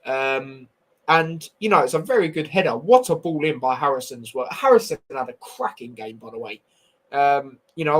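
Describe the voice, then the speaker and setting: Casting: young man, football stream host, blunt slangy opinions, slightly raised pitch. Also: rough recording. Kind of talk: casual football review livestream.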